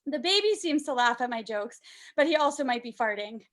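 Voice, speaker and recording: A woman's voice: a little high, lively intonation, brisk, fairly bright tone. A young woman from Canada performing a self-deprecating stand-up set, with fillers and sing-song baby talk. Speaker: stand-up comedian.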